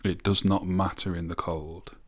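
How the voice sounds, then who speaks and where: A man's voice: deep voice, flat delivery, normal speed. A man hosting a music review, casually reading song lyrics aloud and reflecting on their meaning. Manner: reflective, reads lyrics aloud and picks them apart.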